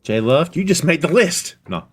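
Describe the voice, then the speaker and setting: A middle-aged man hosting a podcast in casual chat, animated, his voice jumping up when he gets excited. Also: a little high, moderate pace, breathy edge. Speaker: podcast host.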